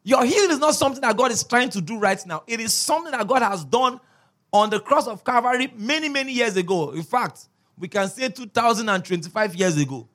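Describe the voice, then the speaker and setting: A man's voice: very high-pitched, animated, brisk, fairly bright tone. A man preaching a sermon as a pastor, emphatic, repeating key words and checking in with his listeners.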